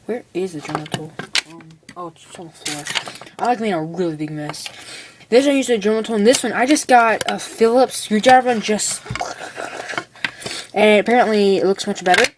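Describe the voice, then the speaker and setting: A teenage girl talks her way through a hands-on build in a loose, rambling way, tossing in "like" and "okay" as she goes. Her voice sits at an ordinary middle pitch. The home recording carries clear background noise. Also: moderate pace. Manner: rambling, chatty, full of "like" and "okay". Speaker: hobbyist showing a build. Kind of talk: casual how-to demonstration. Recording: noisy home video recording.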